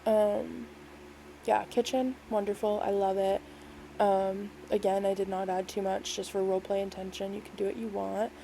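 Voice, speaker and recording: Mellow-voiced woman rambling casually. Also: mid-range voice, little pitch movement, moderate pace, creaky, slight background noise, rough recording. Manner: rambling, filler-heavy, lots of "like" and "um"; self-deprecating, easygoing. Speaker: game build creator. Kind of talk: casual voice-over walkthrough.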